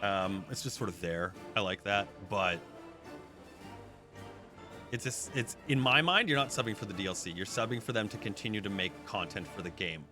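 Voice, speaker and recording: A man's voice: on the low side, sharp tone. A man giving chatty live commentary while he plays a strategy game and talks to his chat. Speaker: streamer. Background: background music.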